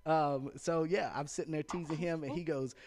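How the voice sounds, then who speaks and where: A man's voice: on the high side, steady tone, normal speed, a little mellow. Guy on a podcast, talks loose and candid, laughs a lot. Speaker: podcast co-host. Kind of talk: casual chat, storytelling.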